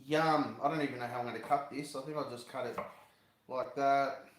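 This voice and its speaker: A man's voice: mid-range voice, steady tone, a little fast. A man hosting a casual live-stream cooking chat, rambling along, talking to himself and his viewers with cheeky jokes. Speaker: fishing channel host. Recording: echoey room.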